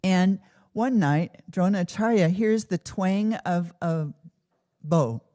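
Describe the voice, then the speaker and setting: A devotional speaker, this woman has a lowish, mellow voice and a slow pace. She tells stories and poses reflective questions in an earnest spiritual talk at a temple.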